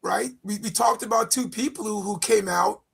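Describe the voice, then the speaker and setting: A man's voice: sits high, normal speed, gravelly, a bit bright, husky. A man hosting a faith talk show, joking with his co-hosts while steering the conversation back to the topic. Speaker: host.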